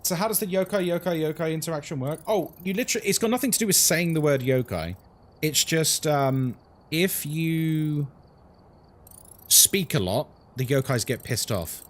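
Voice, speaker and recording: During a live horror-game stream, a British man answers his chat in a fairly high, animated voice at a normal speed. He's casual and explanatory, leaning heavily on "um" and "like."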